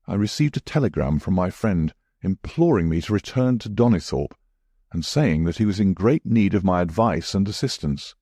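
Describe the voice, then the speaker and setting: Low-voiced man narrating a story. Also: mellow, no echo, studio quality. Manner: measured storytelling. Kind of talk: scripted audiobook narration.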